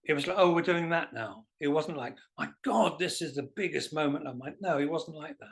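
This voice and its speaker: A man, a guest musician telling self-deprecating stories in a relaxed interview. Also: fairly high pitch, brisk, gravelly. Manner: animated anecdotal, self-deprecating. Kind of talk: casual storytelling interview.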